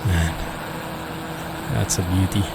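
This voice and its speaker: A man's voice: sits low, steady tone, slow pace, creaky, noisy background. A man streaming a flight simulator, chatting in a rambling, amused way as he flies and talks to viewers. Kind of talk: casual gameplay commentary.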